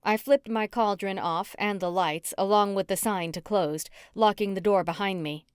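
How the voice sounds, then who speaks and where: A woman narrating a cozy mystery audiobook in first person, with an even storytelling delivery. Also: medium pitch, normal speed, smooth, dry recording, studio quality.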